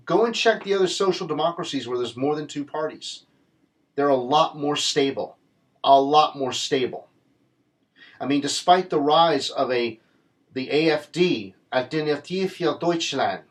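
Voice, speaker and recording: A man giving a casual political commentary monologue, earnest and rambling, with many restarts. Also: medium pitch.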